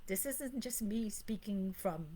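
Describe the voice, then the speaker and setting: On a rough recording, a woman from Grenada talks to her channel in a live, emphatic monologue, frequently repeating points and laughing briefly. She has a mellow, medium-pitched voice and speaks a little slowly.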